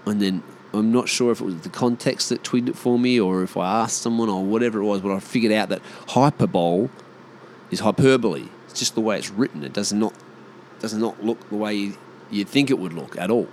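Aussie bloke ranting about stuff, sweary and blunt, bit of a low voice, faint traffic hum. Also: male voice, brisk, darkish tone. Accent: Australian. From Australia. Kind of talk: casual rambling monologue.

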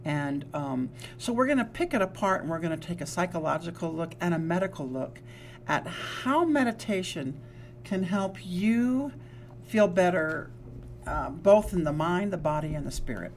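A woman's voice: fairly low pitch, lively intonation, normal speed, darkish tone, a little hiss or hum. A woman co-hosting a wellness talk show as a psychologist. She speaks earnestly in casual chat, often restarting with fillers. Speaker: co-host, psychologist.

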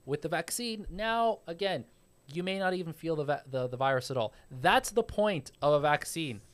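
A man's voice: fairly high pitch, expressive, normal speed. A man hosting a casual podcast, explaining with frequent profanity and stammered restarts.

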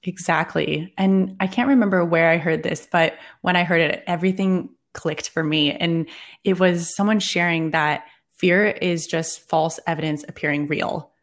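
Earnest woman life coach, lowish voice. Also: steady tone, moderate pace. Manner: earnest, encouraging, explanatory. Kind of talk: podcast interview guest.

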